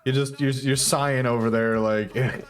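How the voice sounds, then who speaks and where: A man's voice: medium pitch, steady tone, moderate pace. Young man, casual chat, blunt and supportive, light music behind.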